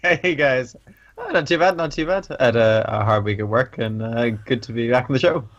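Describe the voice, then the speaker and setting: Male guest co-host; relaxed, short casual replies. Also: mid-range voice, moderate pace, muffled recording. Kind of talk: casual chat.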